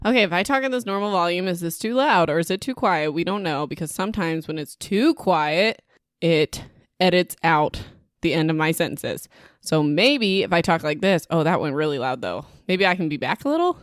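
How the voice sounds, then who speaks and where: A woman's voice: fairly low pitch, expressive, a little fast, dry recording, clean studio sound. A woman hosting her own podcast in a chatty, rambling, self-deprecating way, talking into a home microphone. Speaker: podcast host. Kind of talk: casual solo podcast chat.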